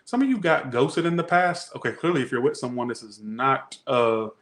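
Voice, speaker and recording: Male tarot reader, mid-pitched, loose and chatty, rambles and trails off. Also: lively intonation, moderate pace, a bit bright. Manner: rambling, chatty, slangy, self-interrupting. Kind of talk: casual tarot reading.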